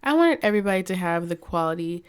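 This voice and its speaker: Smooth-voiced young woman, chatty. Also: fairly low pitch, fast. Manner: chatty, animated storytelling with acted quotes. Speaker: guest, cosmetics company founder. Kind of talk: casual interview chat.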